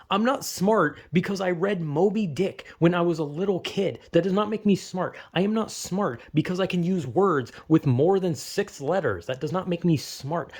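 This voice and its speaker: A man's voice: sits high, a little mellow, breathy edge. A young man in a rambling, profane, self-deprecating casual monologue, full of fillers and restarts.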